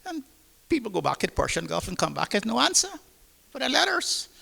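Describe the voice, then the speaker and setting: An older man from the Cayman Islands with a Caymanian accent, telling lively seafaring anecdotes to an audience at a public talk. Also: high-pitched, fairly quick, gravelly, big-room sound. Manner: lively anecdotal storytelling with acted-out dialogue. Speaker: retired seafarer on a panel. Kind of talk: storytelling to an audience.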